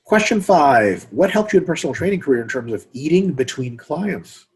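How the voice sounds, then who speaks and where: A man hosting a casual fitness podcast, profane and animated, often acting out other people's voices. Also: fairly high pitch, moderate pace, slightly rough. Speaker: podcast host.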